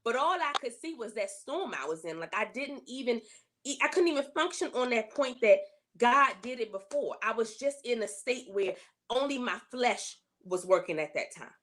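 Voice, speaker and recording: A woman guest telling a personal faith testimony in an interview, earnest and emotional, repeating herself and rising in pitch when she voices her complaints to God. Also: expressive, normal speed, a bit bright. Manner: earnest, emotional storytelling with repetition.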